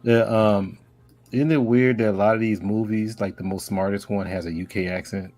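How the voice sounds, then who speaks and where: A man's voice: fairly low pitch, fairly even intonation, moderate pace, a little mellow, faint music behind. A man co-hosting a casual group chat in a laid-back, slangy way, laughing often. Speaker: podcast co-host.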